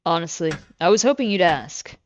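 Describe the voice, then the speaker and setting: A courteous male private investigator from the city, voiced by a co-streamer, formal and patient. His voice sits at a middle pitch. A faint hiss runs under the line. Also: lively intonation, a little fast, muffled recording, close to an everyday voice. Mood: polite. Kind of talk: voicing a game character while co-streaming.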